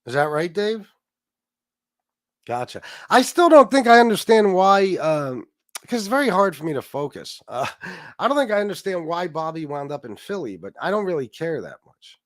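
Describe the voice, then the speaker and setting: A man's voice: sits high, sing-song, moderate pace, no room sound, clean studio sound. Stuffed-up man rambling on a livestream. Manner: rambling, reads chat comments aloud, swears. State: stuffed-up nose. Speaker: livestream host. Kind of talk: casual livestream commentary.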